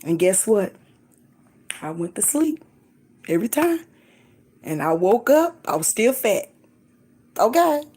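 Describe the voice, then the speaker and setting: A middle-aged woman vlogging, giving lively, emphatic encouragement in a casual preachy way, laughing often. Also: a little high, measured pace, long pauses, slightly rough. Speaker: faith vlogger.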